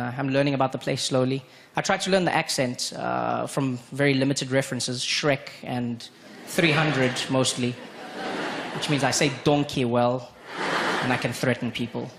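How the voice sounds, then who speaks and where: A man from Africa, performing an animated stand-up comedy set on a club stage. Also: vocal fry. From South Africa. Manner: animated, with sudden high-pitched jumps for emphasis. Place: comedy club stage before a live audience. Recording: noisy live club recording.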